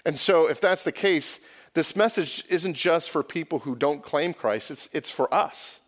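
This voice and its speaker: An American pastor preaches to his church in the sanctuary, his voice on the high side, expressive and unhurried. He speaks conversationally, corrects himself by restarting phrases, and often asks the congregation questions.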